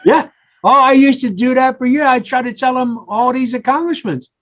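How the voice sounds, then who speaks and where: Older male podcast guest, lively storyteller, slightly muffled lo-fi sound. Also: extremely high pitch, moderate pace. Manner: animated storyteller, acts out quotes. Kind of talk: casual interview talk. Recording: slightly dull lo-fi audio.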